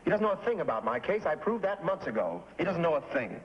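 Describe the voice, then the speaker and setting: An actor playing an anxious, irritable male cartoonist who complains about his health and flares into shouting in a 1950s TV drama. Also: medium pitch, expressive, natural voice. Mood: stubborn. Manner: complaining, quick to anger, shouting at times. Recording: dull old TV soundtrack with faint hiss.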